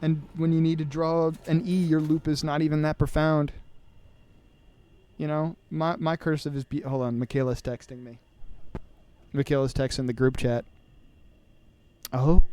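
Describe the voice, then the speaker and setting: A man's voice: fairly high pitch, darkish tone, clean tone. Rambling young man chatting while gaming. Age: 20s. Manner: rambling, sarcastic and self-deprecating. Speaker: podcast host.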